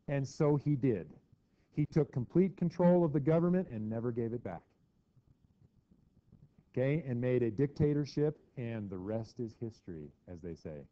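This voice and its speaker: A man's voice: medium pitch, expressive, normal speed. A middle-aged man teaching a history lesson to a class in a chatty way, acting out quotes with mock voices. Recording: dull lo-fi classroom recording.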